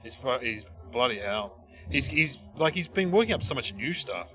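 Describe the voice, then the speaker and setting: A man's voice: mid-range voice, normal speed, soft background music. An Australian comedian in his forties, chatting casually and rambling through stories with lots of restarts. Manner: rambling, lively storytelling with many restarts. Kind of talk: casual chat.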